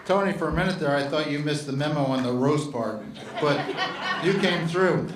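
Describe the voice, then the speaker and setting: A man's voice: a little high, moderate pace. A man acting as master of ceremonies at a retirement roast, teasing a speaker and introducing the next one. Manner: playful, teasing. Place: retirement party at a golf club. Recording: distant mic in echoey room with crowd.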